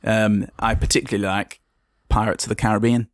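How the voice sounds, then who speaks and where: A man's voice: lowish voice, little pitch movement, fairly quick, dry recording, lightly acted. Man doing a smug suit-wearing big shot, haughty and condescending, dry close sound. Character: pompous entitled businessman in a suit.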